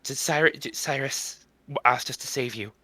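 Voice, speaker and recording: A man playing a tabletop game, speaking in a calm, earnest way for his character. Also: mid-range voice, measured pace, no echo. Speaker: player.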